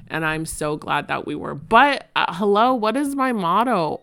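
A woman's voice: on the low side, very animated, unhurried, creaky, hardly any pauses, a bit bright. A woman in her thirties hosting a podcast, talking chattily and emotionally about family, laughing often. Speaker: podcast host. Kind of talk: casual podcast monologue.

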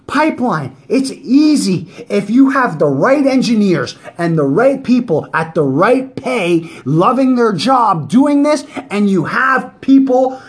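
A man's voice: high-pitched, slow pace, hardly any pauses. A Canadian man co-hosting a podcast, ranting with lots of swearing in casual chat. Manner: profane, ranting, animated political rant. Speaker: podcast co-host. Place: small hot studio.

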